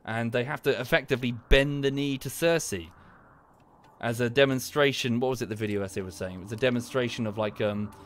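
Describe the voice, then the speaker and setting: A man streaming a game, rambling in a casual chat that turns into heated ranting with sudden high outbursts. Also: brisk, slight background noise. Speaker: gaming streamer.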